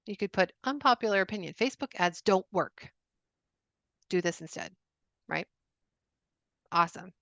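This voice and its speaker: An energetic woman coaches a group through a sales webinar, leaning hard on key words and repeating them for emphasis. Her voice sits at an ordinary pitch for a woman. The sound is dry and close, with no room around it. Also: normal speed, creaky, pauses often, no room sound. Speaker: business coach.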